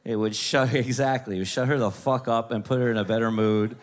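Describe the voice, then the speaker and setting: A man doing stand-up, telling a long family story in casual, profane talk, jumping into high voices to quote his mother. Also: fairly even intonation, a little fast. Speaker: stand-up comedian.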